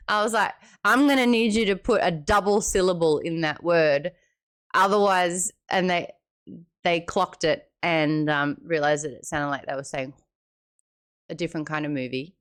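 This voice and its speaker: A woman in her late twenties with an Australian accent, hosting a book club livestream in casual chat, reading out viewer comments with sudden squeals and quick asides. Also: on the low side, a bit bright, clean tone. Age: late 20s.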